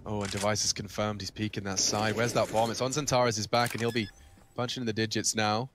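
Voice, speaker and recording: A man giving play-by-play esports commentary, excitable and quick to rise at big plays. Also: on the low side, noisy background.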